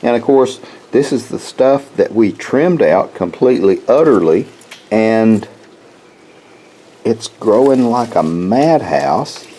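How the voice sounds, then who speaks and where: A man with a somewhat low voice talks very slowly and casually outdoors in his garden. He rambles in a folksy way and keeps restarting and repeating words. A faint hiss sits under his voice. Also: lively intonation, mellow, rough recording. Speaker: homestead vlogger. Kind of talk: casual walk-through chat.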